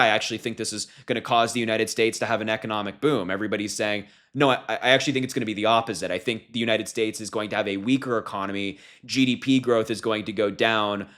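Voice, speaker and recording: A man's voice: mid-range voice, fairly bright tone. A young man giving casual political commentary, sarcastic and incredulous, often laughing at what he reads. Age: young adult.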